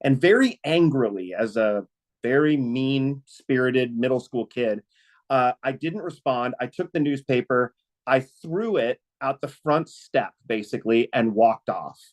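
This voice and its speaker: A man speaking on a webinar, telling a personal story in an earnest, halting way with many fillers and restarts. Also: mid-range voice, animated, poor audio.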